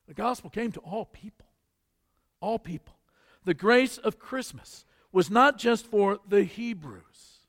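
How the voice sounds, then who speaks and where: A man's voice: high-pitched, in a large hall. A male pastor preaching a sermon, retelling scripture with storytelling asides and drawing the congregation into call-and-response.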